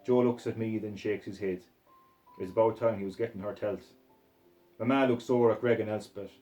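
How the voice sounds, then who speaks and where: A man's voice: lowish voice, fairly even intonation, a little fast, warm tone, faint music behind, rough recording. A man with a Scottish accent reading a gritty novel aloud in a coarse, swearing first-person voice. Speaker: reader.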